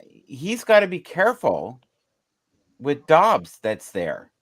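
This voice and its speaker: A man chatting casually about football on a podcast, animated and joking, with the odd swear. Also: fairly high pitch, takes it slowly. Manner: animated, swears, jokey asides. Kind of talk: casual sports chat.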